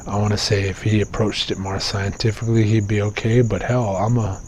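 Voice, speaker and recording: A man's voice: lowish voice, level tone, fairly quick, darkish tone, slight background noise. A young man hosting a podcast, talking through his life in a candid, profane, self-questioning ramble full of restarts. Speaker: podcast host. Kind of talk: casual personal monologue.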